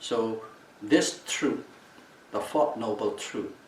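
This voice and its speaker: Slow, calm man giving a Dhamma talk. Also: on the low side. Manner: calm, repeats and restates key terms. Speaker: meditation teacher. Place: retreat meditation hall. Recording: echoey room, mic at a distance, faint background noise.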